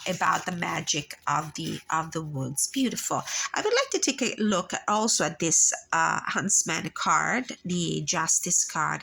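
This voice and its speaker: A woman with a congested, nasal voice talks through a personal tarot reading in a calm, reflective way. Her voice sits a little low and has a gravelly fry, yet it sounds bright and crisp on top. She reads guidebook passages aloud at an unhurried pace, often pausing on fillers. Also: rough recording. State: congested, nasal from blocked sinuses. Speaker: tarot reader and channel host.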